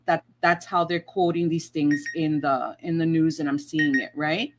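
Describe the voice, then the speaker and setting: A woman's voice: low voice, steady tone, normal speed, fairly bright tone, a little hiss or hum. A woman talking to her viewers as a tarot and astrology vlogger, in a chatty rambling monologue where she swears freely and acts out her own past remarks.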